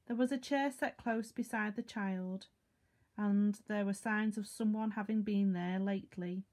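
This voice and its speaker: A woman's voice: mid-range voice, steady tone, unhurried, a little mellow. Woman reading a classic novel aloud. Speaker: reader.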